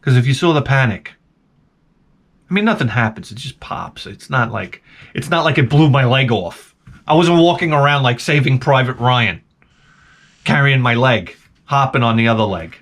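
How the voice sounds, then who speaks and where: A man's voice: medium pitch, moderate pace. A man riffing in a rambling comedic monologue, jumping into silly voices. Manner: animated, jumps into silly voices. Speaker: comedic vlogger.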